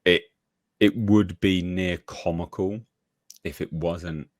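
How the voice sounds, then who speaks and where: A man co-hosting casual political commentary, emphatic and deliberate, repeating points for effect. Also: low-pitched, steady tone, no room sound, studio quality.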